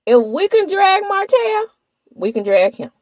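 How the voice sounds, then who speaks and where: Sassy, lively woman gossip host. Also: very high-pitched, measured pace, dry recording. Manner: sassy, animated, talks straight to viewers. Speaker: gossip commentator. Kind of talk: casual reality TV recap.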